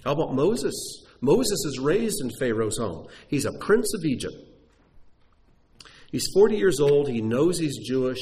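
A man's voice: mid-range voice, darkish tone. Man preaching with emphatic storytelling. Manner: storytelling, emphatic, rhetorical questions. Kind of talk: sermon.

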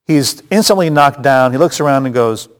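A man's voice: medium pitch, lively intonation, moderate pace. A man teaching a casual Bible study, chatty and joking, with frequent restarts and asides. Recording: long hall reverb.

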